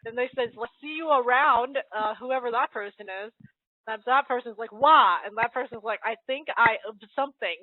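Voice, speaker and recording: A woman's voice: a little high, normal speed, dry recording. A woman casually reading a comic aloud, giggling and stumbling over the lines as she goes. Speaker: host. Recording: tinny phone-like dry audio.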